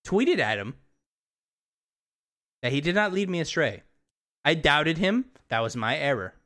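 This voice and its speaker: A man chatting on a podcast with a slightly high, very lively voice that swings up and down. He jokes, swears freely and now and then bursts out loudly. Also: measured pace. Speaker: podcast co-host. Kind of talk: casual chat.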